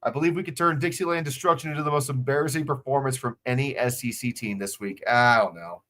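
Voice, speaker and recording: A man's voice: mid-range voice, fast talker, a bit bright. A man hosting a livestream, chatting casually and swearing freely, recorded on a phone. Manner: profane, off-the-cuff, chatty. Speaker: livestream host.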